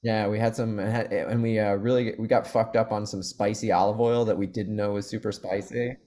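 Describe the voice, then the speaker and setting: A young adult man, a guest actor in a casual podcast chat, telling stories and acting out quotes in loud, high voices. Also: level tone, normal speed.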